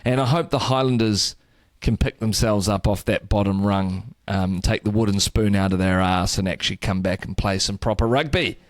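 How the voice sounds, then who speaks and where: Cheeky New podcast joker, dry sound. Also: male voice, lowish voice, normal speed, hardly any pauses, dry recording. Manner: cheeky, crude, laughing joker. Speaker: podcast co-host. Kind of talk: casual sports banter.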